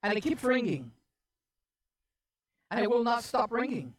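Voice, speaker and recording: A woman preacher telling a story in an animated sermon, often repeating words and getting loud and emphatic. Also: on the high side, measured pace.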